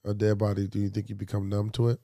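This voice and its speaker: A man's voice: lowish voice, flat delivery, fast talker, warm tone, no echo, studio quality. Laughing man asking questions. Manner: laughs often, asks questions to steer the talk. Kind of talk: casual chat.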